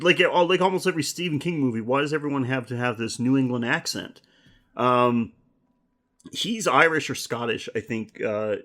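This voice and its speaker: A man's voice: mid-range voice, fairly bright tone. A man co-hosting a horror film podcast in casual chat, rambling, swearing and laughing often. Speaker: podcast co-host.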